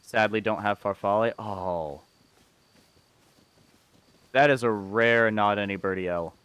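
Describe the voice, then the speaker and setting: Guy streaming a game, rambly and chatty, smooth clear voice, gets excited a lot. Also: fairly low pitch, a little slow. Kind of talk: casual gameplay commentary.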